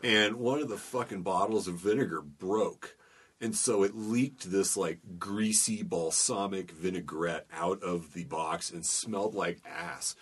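Low-voiced man with wry, profane anecdotes. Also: measured pace, husky. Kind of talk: casual chat.

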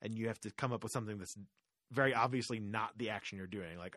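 A man's voice: lowish voice, fairly even intonation, fast, a bit bright, no echo, studio quality. An American man co-hosting a podcast in casual chat, rambling, stumbling over his words and laughing often. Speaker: podcast co-host.

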